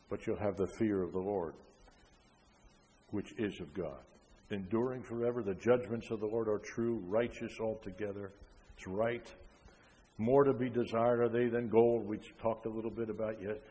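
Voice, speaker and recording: An older man preaching a sermon, emphatic, with frequent rhetorical questions, rising loud and then dropping soft. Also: fairly low pitch. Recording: long hall reverb.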